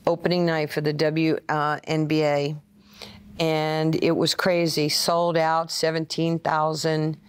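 A woman, telling stories in an interview. Her voice sits a little low, and she acts out what other people said. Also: slow, clean tone. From Brooklyn, USA. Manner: animated, acts out quoted voices. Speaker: interview guest, former player and coach. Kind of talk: storytelling interview.

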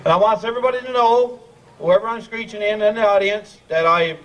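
High-voiced joking Newfoundland emcee. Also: male voice, fairly quick. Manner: joking, teasing, broad dialect. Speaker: master of ceremonies. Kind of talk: live comic emcee patter. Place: live community celebration. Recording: distant mic over a crowd.

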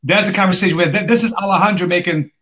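Male host, fairly high pitch, upbeat and casual, lots of uh's. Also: fairly even intonation, racing, a bit bright. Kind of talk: interview hosting.

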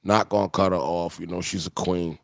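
A man's voice: low voice, steady tone, fairly quick, creaky, no room sound. A man hosting a live-streamed music review, talking in crude, mocking, joking banter. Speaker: host.

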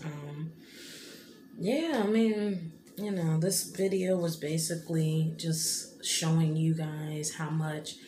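A woman in her thirties speaks to her vlog viewers in a low, level voice, rambling with plenty of "you know what I mean." She sounds tearful and emotional. The room is echoey, with a clear hum of noise behind her. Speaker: vlogger. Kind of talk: casual heartfelt vlog talk.

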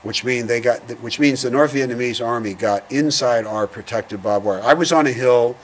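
An older man, a veteran giving an oral history interview, speaking in a reflective, halting way, heavy with feeling. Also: mid-range voice, a little hiss or hum.

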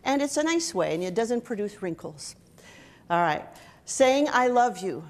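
A woman's voice: a little high, unhurried. A middle-aged woman giving a humorous workshop talk to soldiers, joking and drawing the audience in. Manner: lively, joking, audience-engaging. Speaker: motivational speaker. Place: event hall before a live audience.

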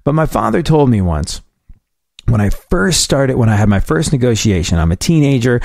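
A man hosting a radio-style talk show, telling long family anecdotes in a casual, animated way. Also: normal speed, gravelly, no echo, clean studio sound. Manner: animated anecdote-telling, quotes his dad in a lower voice. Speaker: host. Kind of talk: casual storytelling chat.

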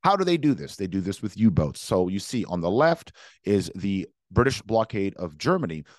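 A man's voice: low-pitched, sing-song, normal speed, no room sound, clean studio sound. A young man giving an emphatic history lecture, repeating words and speaking for both sides in first person. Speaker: history teacher.

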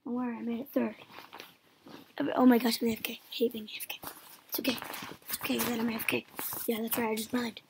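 A young woman giving casual, excitable gameplay commentary that swings between pleading, gasping and rambling. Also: fairly high pitch, quick pace, vocal fry, long pauses. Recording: noisy home mic recording.

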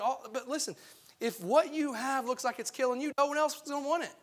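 A man's voice: extremely high pitch, a little fast, fairly bright tone. A young man, preaching earnestly as a guest youth pastor, casual and full of restarts. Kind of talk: sermon.

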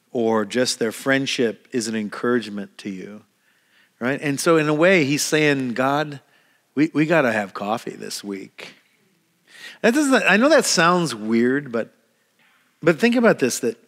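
A man's voice: medium pitch, a bit bright. A man preaching a sermon as pastor, talking in a conversational way, repeating words as he restarts and acting out quoted prayers. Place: church hall. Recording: long reverb of a church hall.

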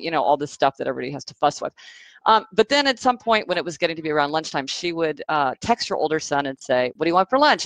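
A woman author answering questions in a casual interview over a video call, telling stories in a chatty, animated way with lots of fillers. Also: deep voice, no room sound, poor audio. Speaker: author guest.

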